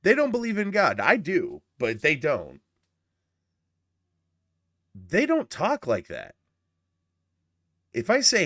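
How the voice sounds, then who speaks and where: Male reaction host, profane and indignant, pitch swinging wide. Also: wildly swooping pitch, slow pace, long pauses, a bit bright. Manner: indignant, heavy swearing. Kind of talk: casual profane commentary rant.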